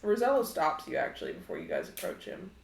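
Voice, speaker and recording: A woman narrating as game master of a tabletop game in a slow, hesitant way with fillers. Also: sits low, wildly swooping pitch, vocal fry, slight background noise. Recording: echoey room.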